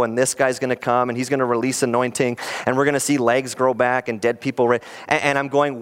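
A man's voice: mid-range voice, clean tone. Earnest preaching pastor, man. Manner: earnest, animated preaching with quoted voices. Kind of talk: sermon.

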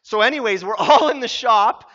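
A man in his thirties preaching a sermon as pastor, telling stories with quick voiced asides. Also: extremely high pitch, pushed and bright. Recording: muffled sound in a reverberant hall.

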